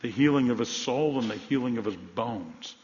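A male pastor preaching a sermon, telling a story with animated emphasis and dropping to quiet, soft moments. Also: mid-range voice, moderate pace. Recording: dull sound in a large reverberant hall.

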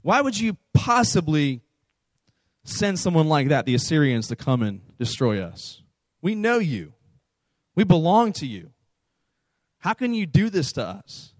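A man's voice: a little high, sing-song, unhurried, pauses often, no echo. A man voicing a people pleading with God and claiming close friendship with him, in a wheedling, chummy tone.

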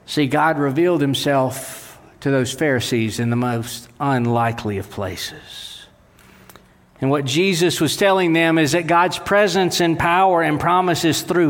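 A male pastor delivers an animated sermon in a church sanctuary. His voice sits slightly high and climbs further when he gets worked up. When he quotes scripture it drops low and slows, and a long hall reverb hangs behind every phrase. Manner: animated preaching, dropping low and slow for quoted words.

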